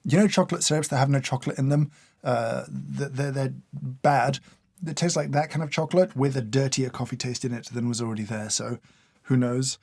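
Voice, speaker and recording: A man's voice: medium pitch, fairly even intonation, brisk, darkish tone. A man giving casual taste-test commentary in a dry, sardonic, mock-exasperated way. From United Kingdom. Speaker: coffee reviewer.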